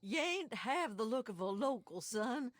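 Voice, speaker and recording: A woman's voice: fairly high pitch, sing-song, unhurried, dry recording. A sly Southern moonshiner woman. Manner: drawling, folksy, coaxing. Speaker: game character.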